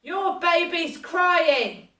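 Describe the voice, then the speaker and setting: A woman's voice: medium pitch, takes it slowly, a bit bright, far from the mic. A woman mimicking an officious, nasty woman scolding her in a hospital, recorded in an echoey room away from the mic.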